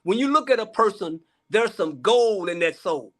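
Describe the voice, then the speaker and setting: High-voiced man preaching. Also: animated, normal speed. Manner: repetitive, emphatic preacher cadence. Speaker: pastor, guest. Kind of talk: casual preaching chat.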